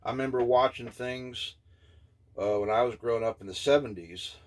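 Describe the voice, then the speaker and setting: A man in his fifties giving an indignant, scornful opinion rant, blunt and halting, with many filler pauses. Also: mid-range voice. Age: 50s. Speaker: vlogger.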